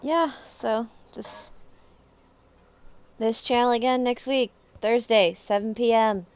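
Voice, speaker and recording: A woman hosting a tabletop game stream, wrapping up with relaxed, easygoing announcements. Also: fairly high pitch, slow pace, long pauses, clean tone. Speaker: stream host. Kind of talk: casual sign-off chat.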